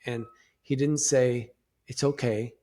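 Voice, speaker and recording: A middle-aged man talks as a podcast guest in a plain, mid-pitched voice. He speaks reflectively and haltingly, restarting his sentences often as he works through his thoughts. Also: steady tone, mellow, slight background noise. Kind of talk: conversational interview.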